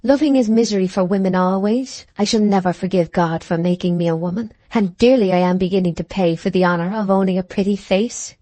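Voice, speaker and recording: A woman's voice: mid-range voice, a little fast, hardly any pauses, mellow, no echo, natural voice. A woman voicing a proud, passionate young woman farmer in an audiobook, speaking in heightened, emotional period dialogue. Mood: haughty.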